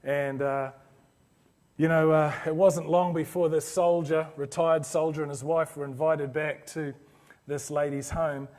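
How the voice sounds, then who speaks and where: A man's voice: on the high side, little pitch movement, a little slow, darkish tone. A man giving a motivational business talk to a live audience, telling a story in an earnest, anecdotal way with frequent restarts. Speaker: business speaker presenting to an orthodontics audience.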